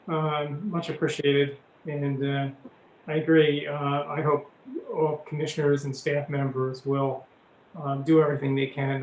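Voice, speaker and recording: A man chairing a public meeting, speaking haltingly with many fillers. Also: medium pitch, reverberant, highs cut off, a little hiss or hum. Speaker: commission chairman.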